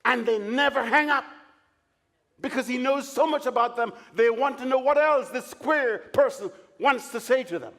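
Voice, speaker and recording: A man's voice: high-pitched, a bit bright. A man preaching a Bible study at a camp meeting, telling stories and acting out the dialogue in them. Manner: storytelling, acts out dialogue in different voices. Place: large meeting hall or tent.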